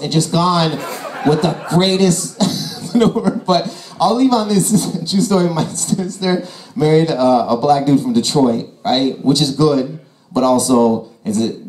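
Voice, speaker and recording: A man's voice: fairly high pitch, a little mellow. A young man doing a stand-up comedy set, acting out his immigrant father's lines in a put-on voice. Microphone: handheld stage mic, phone-recorded. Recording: echoey club room.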